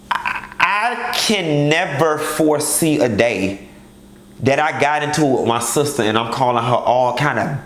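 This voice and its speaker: A man's voice: a little high, fairly bright tone, roomy sound. A man giving candid, blunt commentary on a reality show and speaking straight to its cast in a sassy manner.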